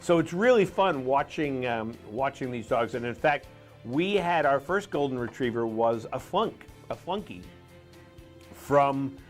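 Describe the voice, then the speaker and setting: A man's voice: medium pitch, animated, a little slow, faint music behind. A middle-aged man from Rhode Island hosting a live morning show, chatting casually and rambling with lots of fillers.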